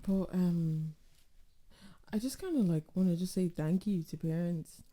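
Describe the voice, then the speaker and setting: A young woman hosting a casual chat podcast, animated and laughing often, with a few French phrases mixed in. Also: fairly low pitch, measured pace. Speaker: podcast host.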